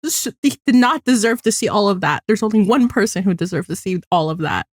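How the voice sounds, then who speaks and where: A woman's voice: mid-range voice, animated, brisk, no room sound, studio quality. A woman co-hosting a casual podcast, emotional and giggly while reacting to a TV episode, swearing as she talks. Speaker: podcast co-host. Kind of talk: casual chat recapping a TV episode.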